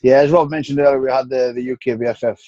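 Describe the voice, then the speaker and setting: A man with a North East English accent, speaking frankly and easily as a guest on a podcast, often sinking into low, tired tones. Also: fairly even intonation, racing, mellow, no echo. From North East England. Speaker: guest bodybuilder. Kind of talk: casual podcast interview. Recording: dry, dull lo-fi sound.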